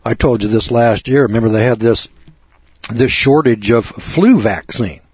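A man's voice: medium pitch, normal speed, a little mellow, husky, no echo. A man hosting a radio talk show, delivering a rambling, preachy monologue that builds to emphatic lecturing. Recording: dull lo-fi dry radio audio.

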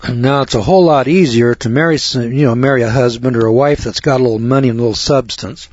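A man's voice: medium pitch, quick pace, darkish tone, no echo. A middle-aged man hosting a radio talk show, lecturing in a blunt, rambling, preachy way. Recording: dull lo-fi radio recording.

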